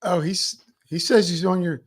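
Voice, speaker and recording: A man hosting a podcast, chatty and jokey, firing off quick questions. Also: high-pitched, breathy edge. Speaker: podcast host. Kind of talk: casual chat.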